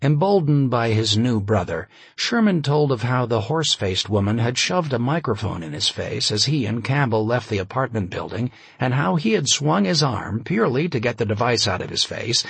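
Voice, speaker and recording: Male narrator, husky voice, dry close sound, measured, wry. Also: mid-range voice, no echo. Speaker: audiobook narrator. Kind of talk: scripted narration.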